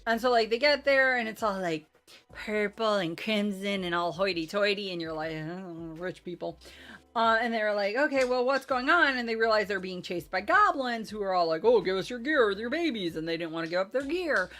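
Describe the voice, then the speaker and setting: A woman's voice: medium pitch, normal speed, fairly bright tone. A woman in casual chat, recapping a tabletop game session in a rambling, self-deprecating way with lots of fillers.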